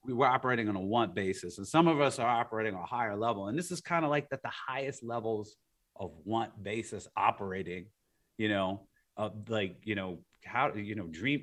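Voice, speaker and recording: A man as an interview guest, telling stories in a rambling, animated way with frequent laughs and fillers. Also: on the low side, a little fast. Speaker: guest, art collector. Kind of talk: casual interview storytelling.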